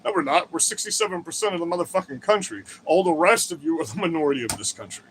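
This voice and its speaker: Talking fast in a slightly high, sing-song voice with a fairly bright tone, a male streamer rants about politics to his chat. He's crude and combative, swears a lot, and digresses; a little hiss or hum is audible.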